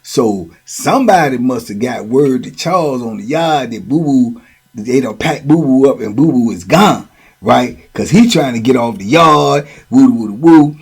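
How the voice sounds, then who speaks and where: Husky middle-aged man telling stories. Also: mid-range voice, normal speed. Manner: slangy, animated, lots of "you know what I'm saying". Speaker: host telling prison stories. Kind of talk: casual storytelling.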